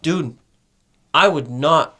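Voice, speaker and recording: Young guy w a high voice rambling thru a wild story, swearing a lot, keeps saying right?. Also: takes it slowly. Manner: rambling, profane, animated storytelling with lots of "right?". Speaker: podcast host telling a story. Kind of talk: casual storytelling.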